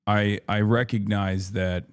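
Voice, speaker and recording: A male streamer rants in loose livestream commentary, exasperated and quick to swear. He restarts and repeats phrases to hammer home his points. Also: fairly low pitch, little pitch movement, smooth. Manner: exasperated, profane ranting. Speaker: streamer reacting to news.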